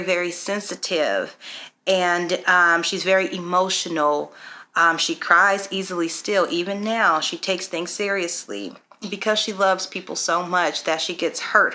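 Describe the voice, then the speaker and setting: Earnest bright-voiced woman sharing a story. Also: medium pitch. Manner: earnest, reflective, many "um"s. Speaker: parenting vlogger. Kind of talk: personal testimony vlog.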